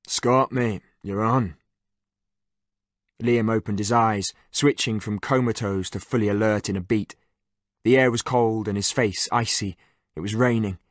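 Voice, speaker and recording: A male audiobook narrator reading a military story with steady, measured delivery. His voice sits on the low side and the recording is dry and close, with no room sound. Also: dry recording. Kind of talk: scripted narration.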